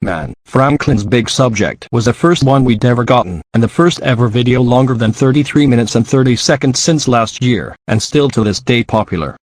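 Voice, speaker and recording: A male text-to-speech voice playing a boastful cartoon man, read in an even, monotone computer manner. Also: mid-range voice, moderate pace, hardly any pauses, dry recording, close to an everyday voice. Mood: proud.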